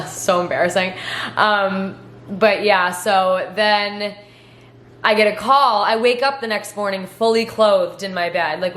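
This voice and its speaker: A young woman in her twenties chats through a question-and-answer vlog, swearing freely and packing every sentence with fillers. Her voice sits at an ordinary middle pitch and carries a roomy echo. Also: fairly bright tone. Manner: chatty, filler-heavy, profane. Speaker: vlogger. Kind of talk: casual Q&A storytelling. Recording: echoey room.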